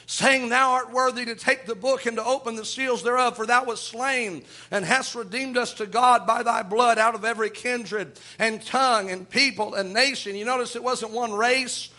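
High, bright-voiced preacher man. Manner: preaching with Bible reading and folksy asides. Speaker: pastor. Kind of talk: sermon. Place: church.

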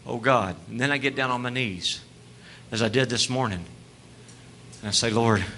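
A male preacher, delivering a sermon that moves between hushed, tender passages and loud, animated storytelling. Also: medium pitch, normal speed, slight background noise.

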